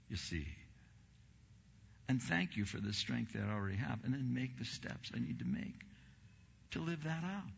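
A man preaching a sermon as pastor, impassioned, swinging between quiet, low passages and loud, rising ones. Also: sing-song, normal speed, creaky, pauses often, breathy edge. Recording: dull recording in a reverberant hall.

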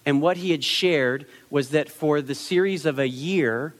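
A man's voice: a little high, measured pace, long reverb tail. A man preaching a conversational sermon, acting out quotes in changing voices, with frequent restarts and repeated words. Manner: conversational, animated, acts out quotes with many restarts. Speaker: pastor.

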